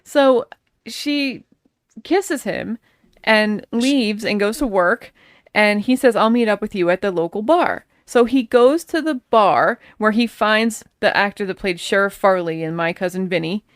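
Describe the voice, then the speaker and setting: A woman's voice: medium pitch, takes it slowly, dry recording, clean studio sound. A woman co-hosting a podcast, casually and bluntly reacting to a film with incredulous, profane remarks. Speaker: podcast co-host. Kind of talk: casual movie-review chat.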